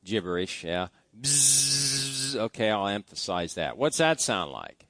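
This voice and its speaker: A man's voice: sits low, big pitch swings, normal speed, fairly bright tone, no room sound. A man preaching a sermon in a church, talking in a conversational way and asking the congregation questions. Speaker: pastor.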